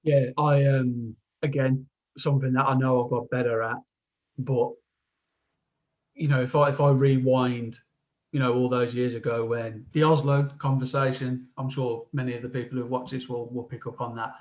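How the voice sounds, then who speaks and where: A man's voice: mid-range voice, level tone, darkish tone, lo-fi sound. A man in casual podcast chat, stumbling and restarting as he talks about himself. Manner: halting, stammering restarts. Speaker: podcast co-host.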